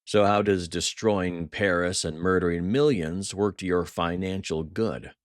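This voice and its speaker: Read by a man, a hardened male agent snarls with raw contempt. His voice sits very deep and close, and the studio sound is dry. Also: fairly even intonation, unhurried, no echo. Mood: furious.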